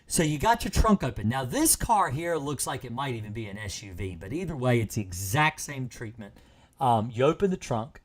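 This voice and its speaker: A man's voice: medium pitch, a little mellow. Tired man explaining pest treatment. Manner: plain, instructive, repeats himself. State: tired, hiccups. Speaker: pest control host. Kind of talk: live stream tutorial.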